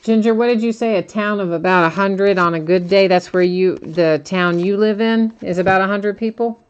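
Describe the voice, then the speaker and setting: On a live card-opening stream, a woman with a medium-pitched, smooth voice talks at a moderate pace, though the audio sounds dull. She's the card-breaking host, casually reading off card names in a steady list and answering viewers by name.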